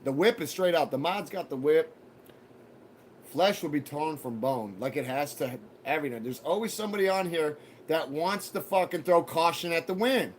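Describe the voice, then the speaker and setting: A male streamer talks casually to his chat, rambling and swearing, swinging between easy talk and mock threats. His voice sits a little high for a man. A faint hiss runs under the recording. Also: expressive, normal speed. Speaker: livestream host.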